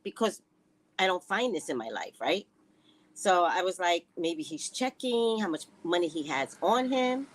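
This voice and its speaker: A woman's voice: lowish voice, measured pace. Woman vlogger chatting away, voice going up and down a lot, laughing and talking to her viewers. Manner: animated, laughs often, chatty asides to viewers. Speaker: spiritual reader and vlogger. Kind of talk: casual storytelling chat.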